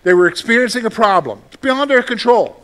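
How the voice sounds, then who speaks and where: A male pastor preaching a sermon, animated, with frequent rhetorical questions to his listeners. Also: extremely high pitch, brisk.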